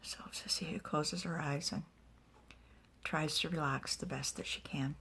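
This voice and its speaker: A woman narrating a fantasy story in soft, whispered ASMR storytelling with small asides. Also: sits low, steady tone, a little slow.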